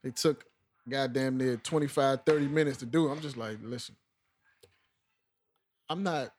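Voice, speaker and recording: A young man chatting casually on a podcast, telling a story in slang and dropping to a hushed voice when he quotes himself. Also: medium pitch, fairly even intonation, fairly quick, a little hiss or hum. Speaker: podcast co-host, new teacher. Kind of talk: casual chat.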